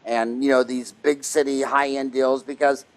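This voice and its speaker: A middle-aged man hosting a podcast interview, telling stories in a lively, casual way and acting out the dialogue he quotes. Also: mid-range voice, normal speed, low-quality recording. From Kansas, USA. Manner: animated storyteller, acts out quoted dialogue. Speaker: podcast host.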